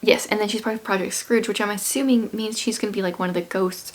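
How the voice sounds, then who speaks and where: A woman vlogger chatting casually about what she is reading, in a rambling, offhand way, while losing her voice and sounding hoarse. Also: mid-range voice, fairly even intonation, fast talker, hardly any pauses. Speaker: book vlogger. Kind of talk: casual book chat.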